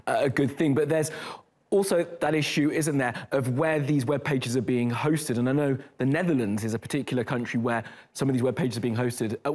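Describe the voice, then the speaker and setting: A man's voice: medium pitch, darkish tone. A man hosting a daily news show, moving between stories in a conversational, lightly joking way and interviewing a guest. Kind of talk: studio news presenting.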